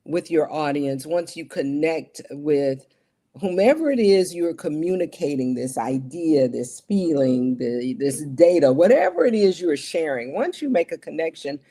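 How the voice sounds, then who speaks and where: Speaking at a measured pace in an interview, a middle-aged TV broadcast journalist uses a deep, mellow voice with big swings in pitch. She is earnest and emphatic, coming back to her main points again and again.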